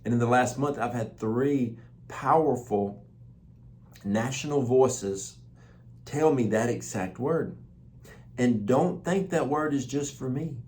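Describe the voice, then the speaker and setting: Male host, mid-pitched, delivering prophetic words with upbeat, emphatic preaching energy. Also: slow pace, long pauses, a little mellow. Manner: exuberant, emphatic, repeats phrases for emphasis.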